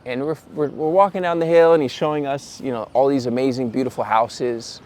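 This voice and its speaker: A man's voice: mid-range voice, steady tone, brisk, a little mellow, slight background noise. A young man vlogging to camera, telling a casual, rambling story and correcting himself as he goes. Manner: chatty, rambling, self-correcting; puts on voices when quoting people.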